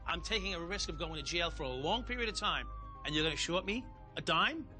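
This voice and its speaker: A man's voice: fairly high pitch, expressive, brisk, pushed and bright, faint music behind. A man who is a former police officer, bluntly recounting events in a documentary interview and swearing heavily. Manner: blunt, heavy swearing, reenacts confrontations.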